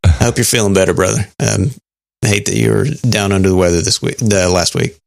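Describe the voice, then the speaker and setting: A man co-hosting a podcast in casual chat, talking in a halting way with many fillers and restarts. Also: low-pitched, fairly even intonation, vocal fry, dry recording, clean studio sound. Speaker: podcast co-host.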